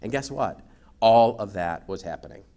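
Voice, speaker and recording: Male guest speaker, animated storyteller with a wide-ranging pitch. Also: moderate pace. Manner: animated storyteller, acts out quotes. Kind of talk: lively after-lunch talk.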